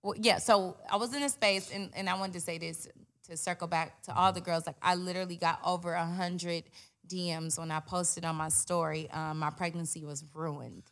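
A woman's voice: lowish voice, steady tone, normal speed, a bit bright. A young woman, a guest in a candid interview, talking bluntly and animatedly and swearing freely.

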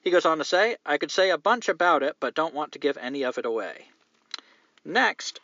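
A man's voice: mid-range voice, bright, forceful tone, no room sound, muffled recording. A man from the Southern United States hosting a casual podcast, reading listener mail aloud with profane, wry joking asides. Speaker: podcast host.

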